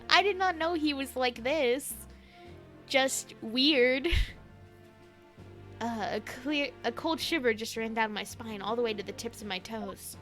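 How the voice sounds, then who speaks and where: A woman's voice: high-pitched, animated, slow, fairly bright tone. A young woman reacting to a game as she plays it, incredulous, swearing and laughing. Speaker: let's play streamer. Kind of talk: casual game commentary. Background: game music.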